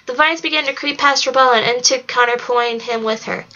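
A woman reading a novel aloud at a steady pace, now and then slipping on a word and correcting herself. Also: on the high side, fast, highs cut off. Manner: steady reading with occasional slips and self-corrections. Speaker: narrator.

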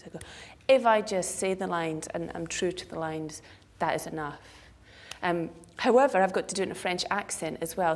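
A woman speaks in a low register, reflecting on a theatre role in an interview. She thinks aloud, and at moments her voice sinks to a near whisper. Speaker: stage actress, interviewee.

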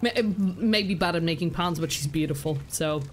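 A woman's voice: on the low side, brisk, a little hiss or hum. Giggly woman streamer chatting over gameplay. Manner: chatty, giggly, self-interrupting. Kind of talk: casual gameplay commentary.

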